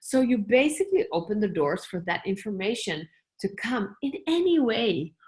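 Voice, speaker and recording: Woman guest, choreographer, lively and chatty, mid-pitched, acts out little asides. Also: moderate pace. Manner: animated, acts out her own quoted asides; laughs often, talks in loose running phrases. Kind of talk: conversational interview.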